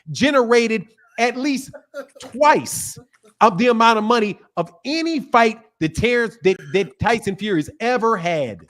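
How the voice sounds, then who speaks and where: A man's voice: high voice, fairly bright tone. A man hosting a boxing talk show, arguing heatedly, interrupting and swearing. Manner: combative, interrupting, profane. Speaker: boxing channel host. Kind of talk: heated debate.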